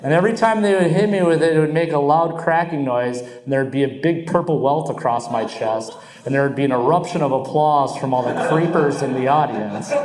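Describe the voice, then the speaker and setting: A young man doing crude, animated stand-up storytelling on stage. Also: on the high side. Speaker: stand-up comedian. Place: comedy club stage. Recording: roomy club sound. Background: audience laughter.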